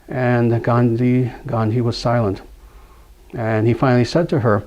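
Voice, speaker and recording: A male spiritual teacher delivering a lecture in an earnest, steady tone. His pitch sits in the middle, and he restates his main phrases for emphasis. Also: a little slow.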